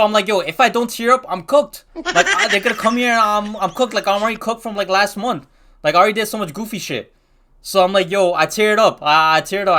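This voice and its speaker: A man's voice: sits high, pushed and bright. A young man casually telling a rambling storytime, full of slang and restarts.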